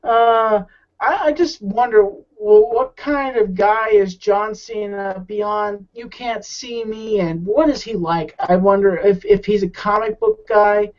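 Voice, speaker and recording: A man's voice: high voice, steady tone, takes it slowly. A man being interviewed as a guest, talking in a rambling, hesitant way with many restarts. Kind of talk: casual interview chat. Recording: muffled lo-fi audio.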